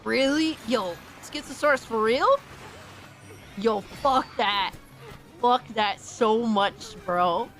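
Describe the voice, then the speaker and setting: Profane, excitable woman streamer. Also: on the high side, slow, soft background music. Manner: excitable, profane, trash-talking. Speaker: streamer host. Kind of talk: casual reaction stream chat.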